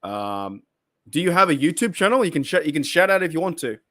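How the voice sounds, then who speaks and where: A man's voice: fairly high pitch, sing-song, fairly quick, a bit bright. A man hosting a casual live stream, chatting and reacting to viewer comments, often repeating himself and exclaiming. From Australia. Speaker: podcast host reading live chat.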